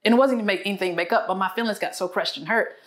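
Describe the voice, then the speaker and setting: This is a woman in her thirties talking on a lapel mic about her marriage. She speaks in a lively, animated way and acts out her own reactions with sudden high jumps in pitch. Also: very fast. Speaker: guest on a marriage talk show. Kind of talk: candid storytelling talk.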